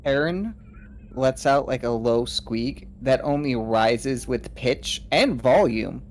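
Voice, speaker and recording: A man's voice: mid-range voice, animated, takes it slowly, darkish tone. Man narrating his game character with humor. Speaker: player.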